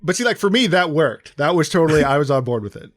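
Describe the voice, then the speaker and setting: A man co-hosting a podcast, discussing a film in a measured, wry way with frequent fillers. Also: fairly high pitch, sing-song. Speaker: podcast co-host. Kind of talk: casual film review chat.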